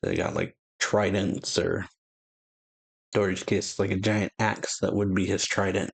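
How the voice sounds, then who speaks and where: A man hosting a reaction video, retelling and reading a comic chapter aloud in a halting way full of fillers. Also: sits low, level tone, vocal fry, husky, dry recording. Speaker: channel host.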